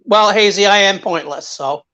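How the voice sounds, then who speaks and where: A man chatting on a live stream, halting and self-deprecating. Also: high voice, pushed and bright, lo-fi sound. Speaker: guest. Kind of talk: casual live-stream chat.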